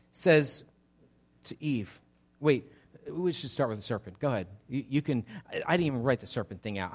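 A man as pastor giving an interactive sermon, energetic and chatty with frequent restarts. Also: medium pitch.

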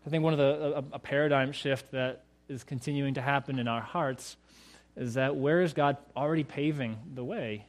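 A man's voice: medium pitch, steady tone, moderate pace. A male pastor preaching a sermon in a conversational way, raising rhetorical questions to his listeners.

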